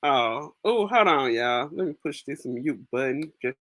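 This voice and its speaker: A woman's voice: extremely low pitch, animated, measured pace, a bit bright, dry recording. A young woman hosts a casual livestream, chatting to viewers, reading their comments aloud and laughing often with slangy asides. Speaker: livestream host. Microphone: phone.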